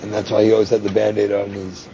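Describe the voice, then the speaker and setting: A man's voice: on the low side, completely flat delivery, fast, background noise. Man making offhand, wry remarks. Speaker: reality show contestant. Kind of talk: casual chat.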